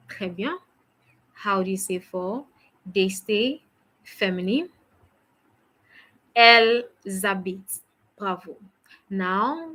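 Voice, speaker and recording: A woman teaches a French lesson, patiently drilling phrases and praising every answer. Her voice is mid-range with a fairly bright tone, and the recording is rough.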